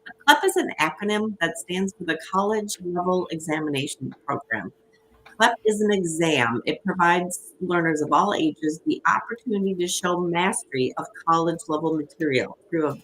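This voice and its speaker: A woman's voice: fairly low pitch, normal speed, a bit bright, slight background noise. A woman with a Minnesota accent giving an upbeat, chatty presentation as a guest, with frequent ums. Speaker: guest presenter from an education nonprofit. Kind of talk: conversational presentation.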